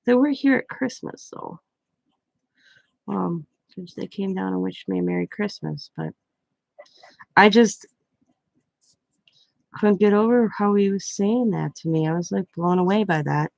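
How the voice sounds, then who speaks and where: A woman's voice: medium pitch, unhurried, creaky, pauses often, darkish tone, no room sound. An older woman, a grandmother, chatting at home and rambling through a story with lots of self-corrections. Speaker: craft vlogger. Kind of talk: casual storytelling.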